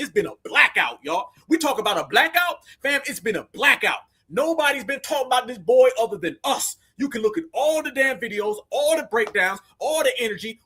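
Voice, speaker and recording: Man, very high voice, bright and sharp, heated slangy commentary, mocking tone. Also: breathy edge. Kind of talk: reaction commentary.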